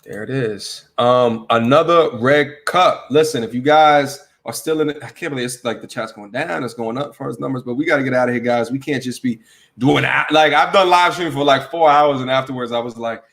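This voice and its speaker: A man hosting a casual livestream chat, talking in slang with an animated, joking manner. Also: mid-range voice, a little fast, vocal fry. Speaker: livestream host.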